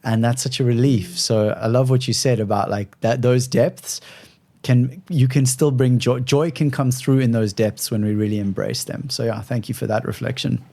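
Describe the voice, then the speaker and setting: Relaxed man hosting a podcast. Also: medium pitch, normal speed, vocal fry. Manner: relaxed, self-correcting, laughs at his own slips. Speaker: podcast host. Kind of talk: casual conversational interview.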